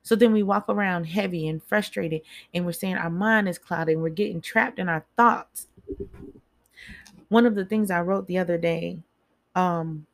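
A woman's voice: fairly low pitch, moderate pace, vocal fry. A woman giving a casual motivational talk, chatty and speaking straight to her listeners, repeating phrases for emphasis.

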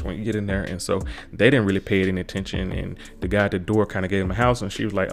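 A man's voice: deep voice, steady tone, racing, gravelly, few pauses, soft background music. A man recapping a TV episode in a casual, rambling way, repeating himself and saying kinda a lot.

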